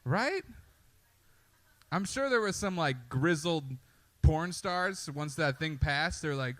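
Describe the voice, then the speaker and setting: A man's voice: on the high side, expressive, slow pace, a bit bright. A man doing a loose, conversational stand-up comedy set with swearing and asides, on a comedy club stage into a handheld mic. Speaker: stand-up comic.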